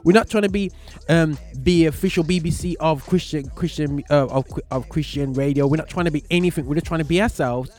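A man's voice: a little high, brisk, darkish tone. A man in his forties hosting a casual radio show from a small studio, talking in a loose, rambling way with slang.

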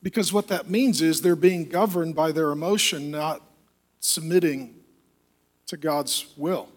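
A man preaching a sermon as a pastor, emphatic and lively, often acting out the voices of the people he quotes. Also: fairly high pitch, a little slow.

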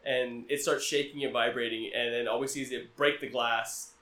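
A man's voice: mid-range voice, fairly even intonation, normal speed, sharp tone, roomy sound. A man casually recapping a movie scene by scene, acting out the characters' lines and laughing along. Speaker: podcast host.

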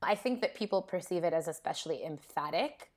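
A woman's voice: on the low side, lively intonation, brisk. A woman, a linguist, explaining her research findings in a casual academic conversation. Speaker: linguist guest.

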